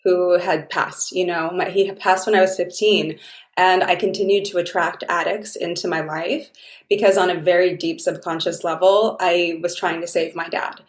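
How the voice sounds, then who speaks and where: A woman's voice: on the low side, steady tone, normal speed, reverberant. A woman guest on an interview show, telling stories in an effusive, heartfelt, rambling way. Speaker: guest, dating mentor. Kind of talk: casual interview chat.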